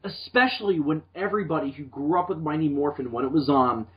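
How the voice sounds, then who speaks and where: A man co-hosting a podcast in casual chat, rambling and animated, restarting his sentences often. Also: on the high side, fast, slightly rough. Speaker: podcast co-host. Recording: dull lo-fi sound.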